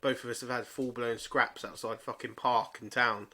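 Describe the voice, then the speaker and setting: A man's voice: mid-range voice, little pitch movement, moderate pace, bright, forceful tone. A young man co-hosting a podcast, chatting in a laid-back, sweary way with chuckles. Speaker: podcast co-host. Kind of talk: casual chat.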